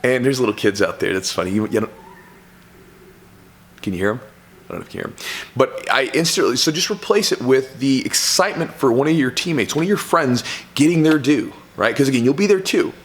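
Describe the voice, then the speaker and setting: A man's voice: mid-range voice, animated, fairly quick, a little hiss or hum. A man who coaches jiu-jitsu, giving loose, conversational advice to camera, full of fillers and "right?" tags. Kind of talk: casual advice talk to camera.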